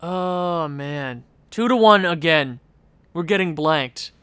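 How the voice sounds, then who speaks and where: Slow, exasperated young gaming commentator. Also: male voice, a little high, animated, a bit bright, clean tone. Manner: exasperated, ranting at the game with sighs and laughs. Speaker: gaming video creator. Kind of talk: casual gameplay commentary.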